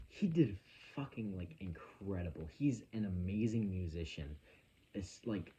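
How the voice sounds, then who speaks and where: A young man vlogging into his phone, telling a story in an earnest, halting, emotional way with a casual rambling style. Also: low-pitched, dark tone, a little hiss or hum, low-quality recording.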